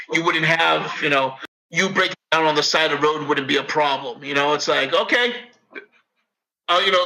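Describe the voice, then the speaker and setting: This fairly high-pitched man speaks with vocal fry and a Boston accent, captured in low quality. Guesting on a podcast, he chats casually, telling animated, rambling stories full of profanity.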